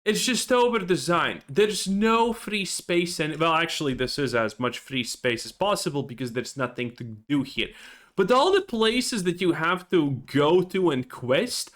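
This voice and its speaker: A man's voice: fairly high pitch, lively intonation, unhurried, a bit bright. A man giving ranting gameplay commentary, frustrated and profane. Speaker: gaming channel host.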